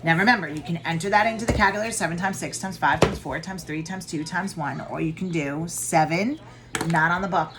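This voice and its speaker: Chatty low-voiced woman teaching math at home. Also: fairly quick, very noisy. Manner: chatty and informal, addresses viewers directly. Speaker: college statistics teacher. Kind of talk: casual recorded math lesson.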